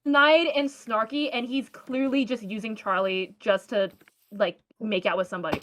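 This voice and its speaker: A woman co-hosting a casual podcast chat while gaming, animated and swearing freely as she acts out her reactions. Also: on the high side, moderate pace, noisy background. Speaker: podcast co-host.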